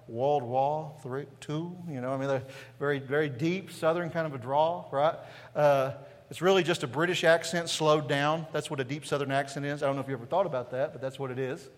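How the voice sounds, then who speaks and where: A man's voice: fairly high pitch, fairly even intonation, fast talker, long reverb tail. A man from East Tennessee with a Southern Appalachian accent, preaching a sermon in a church and peppering it with rhetorical questions. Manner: conversational preaching with frequent rhetorical questions and "right?". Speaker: pastor. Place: church sanctuary.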